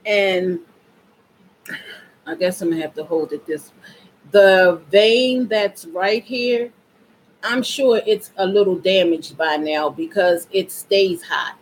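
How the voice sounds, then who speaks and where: A woman's voice: mid-range voice, fairly even intonation, slow pace, a little hiss or hum, low-quality recording. A woman chatting casually and directly to her viewers in a vlog. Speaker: vlogger.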